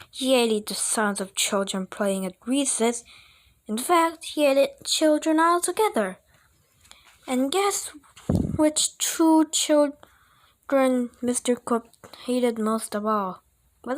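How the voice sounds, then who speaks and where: Slow, high-voiced woman reading a kids' book. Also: expressive. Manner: playful, with chatty asides and small slips. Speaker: audiobook reader. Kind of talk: reading a children's book aloud.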